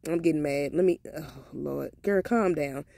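A woman's voice: low voice, normal speed, vocal fry, mellow. A woman with talking straight to her viewers in a casual vlog, sassy and heated as she gives her opinions. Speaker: motivational vlogger.

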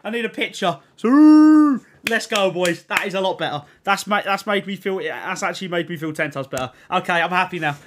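A man's voice: sits high, pushed and bright. A young English man streaming a video game, swearing and swinging between ranting and cheering as he talks to his chat. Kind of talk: live game commentary to chat.

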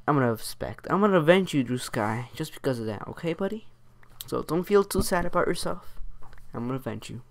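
A man giving casual, excitable gameplay commentary as a channel host, chatting to his teammate and taunting opponents as he plays. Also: a little high. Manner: excitable, chatty, talks to his teammate and foes while playing.

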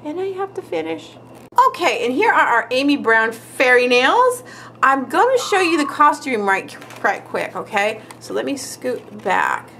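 A woman's voice: high voice, big pitch swings, normal speed, gravelly, a bit bright, slight background noise. A woman hosting a nail art tutorial, chatting casually and giggling while she paints, sometimes trailing off as she concentrates. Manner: chatty and giggly, with frequent laughs; talks while concentrating, trailing off mid-sentence.

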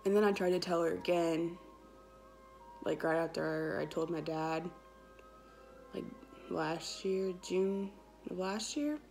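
A woman's voice: lowish voice, fairly even intonation, slow pace, gravelly, a little mellow, soft background music. A woman, telling a personal story in a casual, chatty vlog with lots of quoted dialogue. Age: 20s. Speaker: vlogger.

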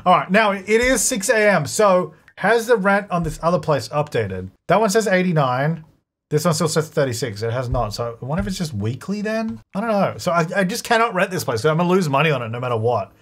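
A man hosting a gaming channel, thinking aloud in chatty gameplay commentary, self-correcting as he goes and breaking into excited bursts. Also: a little high. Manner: excitable bursts, quick laughs. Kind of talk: let's-play gameplay commentary.

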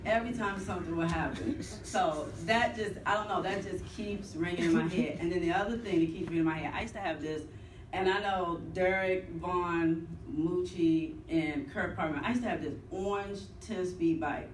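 A woman's voice: on the low side, normal speed, a crowd in the background. A woman sharing fond, rambling neighborhood memories of the deceased at a funeral service. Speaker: neighbor and friend giving a funeral remembrance. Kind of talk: personal remembrance at a funeral. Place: large room at a funeral service. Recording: echoey room, voice heard from a distance, clear background noise.

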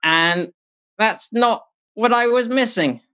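A stand-up comedian doing a set from home over a video call, lively and quick to mock, dropping into sneering put-on voices. The audio is dull and lo-fi, with a mid-height voice. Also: medium pitch, clean tone. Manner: animated, slips into mocking put-on voices; laughs at own jokes.

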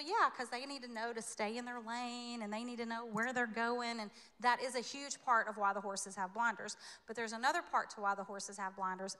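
A woman from the American South delivers a sermon in a church. Her voice is bright and a touch high, and her delivery stays conversational and animated, with playful asides. The sanctuary adds a long, ringing reverb. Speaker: preacher.

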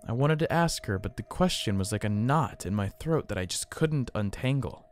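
A man narrating a first-person horror story in a tense, hushed storytelling manner. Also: medium pitch, animated, normal speed, a little hiss or hum.

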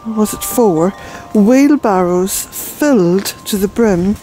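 A woman's voice: medium pitch, animated, slow, dark tone, slight background noise, poor audio. An older woman from Ireland, a vlogger chatting outdoors in her garden, out of breath and rambling with fillers. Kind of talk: casual walk-and-talk narration.

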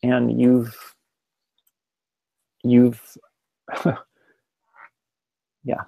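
A man's voice: medium pitch, normal speed, creaky, darkish tone, dry recording. A man presenting a webinar in a casual, rambling way, full of restarts and direct questions to his listeners. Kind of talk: casual spoken webinar lecture.

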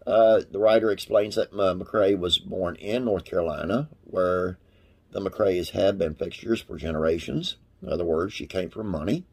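A man's voice: low voice, moderate pace, slightly rough. A man hosting a classic TV trivia channel, reading facts aloud and wandering into folksy, rambling asides with religious sign-offs.

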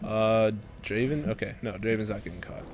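A young man giving live commentary over his own gameplay, excitable and swearing, breaking into loud bursts. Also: on the low side, normal speed, soft background music. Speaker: gaming commentator.

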